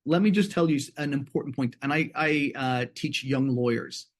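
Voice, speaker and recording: A man's voice: mid-range voice, normal speed. A middle-aged man presenting a webinar and teaching, talking conversationally and acting out bits of dialogue in other voices. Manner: animated, acts out dialogue in different voices. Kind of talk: conversational training talk with acted examples.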